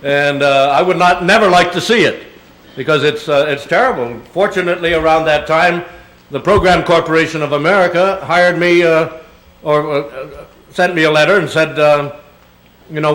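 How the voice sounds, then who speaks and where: This older guest speaker has a slightly bright voice on the high side and a moderate pace. Answering questions at a public Q&A, he drifts through rambling anecdotes loaded with fillers and chuckles, all in an echoey hall.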